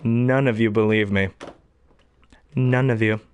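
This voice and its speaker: A man with a baritone voice, a hobby voice actor chatting casually, who rambles and often clears his throat. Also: steady tone, unhurried. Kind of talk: casual talk to camera.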